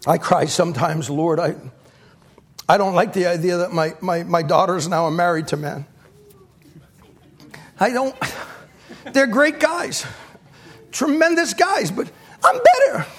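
A middle-aged man preaches in a strikingly high voice. He speaks with passion, stumbles into repeated words and throws himself into the quotes he acts out. It is a heartfelt sermon. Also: animated, measured pace, long pauses.

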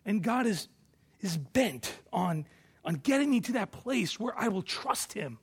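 A male pastor preaching a sermon, moving between hushed reflection and forceful declarations. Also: high voice, sing-song, measured pace, husky.

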